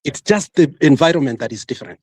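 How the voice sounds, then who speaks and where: A man's voice: medium pitch, expressive, fast, a little mellow, breathy edge, no room sound. A man with a Kenyan accent arguing insistently in a heated livestream debate, talking over others and switching between English and Swahili. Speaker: panelist.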